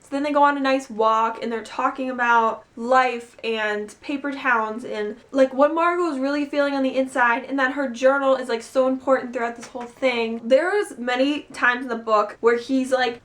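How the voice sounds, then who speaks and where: A young woman reviewing a book in a casual vlog, gushing and excitable, with lots of "like" fillers. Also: sits high, moderate pace, few pauses. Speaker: book vlogger.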